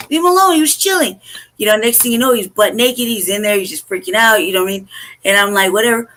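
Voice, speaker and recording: A woman's voice: mid-range voice, a bit bright, rough recording. A woman hosting an online show, telling a story in casual, emphatic and profane talk, with strings of rhetorical questions. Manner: asks rhetorical questions in rapid runs. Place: live online stream from home.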